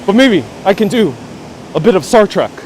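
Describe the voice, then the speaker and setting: A man's voice: sits high, expressive, moderate pace, darkish tone, a little hiss or hum. A man hosting a live-streamed walking tour outdoors, chatting and reacting to viewer comments. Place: outdoors on city streets. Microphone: wireless lapel mic.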